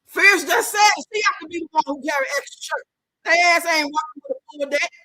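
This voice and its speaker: A woman hosting a casual livestream in African American Vernacular English, loud and animated, cursing freely. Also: sits high, a little fast, no room sound, rough recording. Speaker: livestream host.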